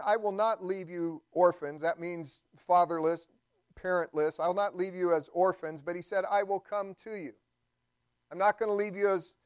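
A man's voice: high-pitched, clean tone, no echo. A man preaching a sermon as a pastor, talking through a Bible story in a conversational way and often repeating words as he thinks aloud.

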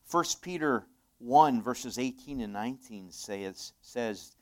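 A male pastor delivering an earnest sermon, rising into loud emphatic passages and dropping to soft, quiet asides. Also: mid-range voice, expressive, slow pace.

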